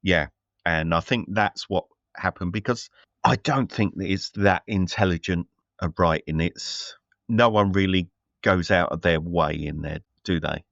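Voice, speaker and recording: A man's voice: sits low, a little slow, creaky, a bit bright, no room sound, muffled recording. A man co-hosting a casual film review chat, rambling with many fillers and restarts. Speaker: podcast co-host.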